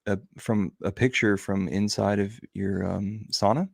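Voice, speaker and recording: Low gravelly man hosting a stream. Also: fairly even intonation, a little slow, dry recording, studio quality. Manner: friendly, greets viewers by name. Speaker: host. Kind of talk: casual livestream chat.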